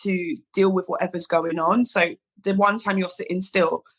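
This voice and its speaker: A woman's voice: lowish voice, moderate pace. A woman, a podcast guest telling a personal story in casual chat, acting out the dialogue. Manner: animated storyteller, acts out quoted dialogue, many "like"s. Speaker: podcast guest, hairstylist founder.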